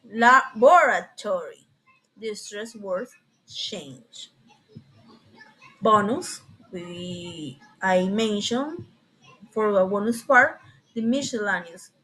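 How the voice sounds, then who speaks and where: A young woman student giving a class presentation, reading her points haltingly and correcting herself now and then. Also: fairly high pitch, a bit bright, rough recording. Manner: halting, careful, with frequent self-corrections.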